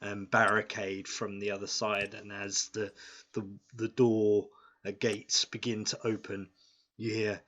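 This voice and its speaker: A man running a tabletop game, speaking very slowly with a bright, forceful tone. He halts and restarts often, heard on a dull lo-fi recording. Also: fairly low pitch, flat delivery. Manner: halting, many fillers and restarts. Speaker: game master. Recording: dull lo-fi sound.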